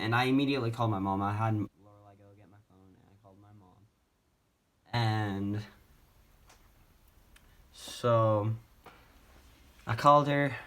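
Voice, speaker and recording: A man's voice: mid-range voice, a bit bright. A young man casually telling a personal story on his vlog, rambling with many fillers and restarts, speaking from a wheelchair at home. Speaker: vlogger.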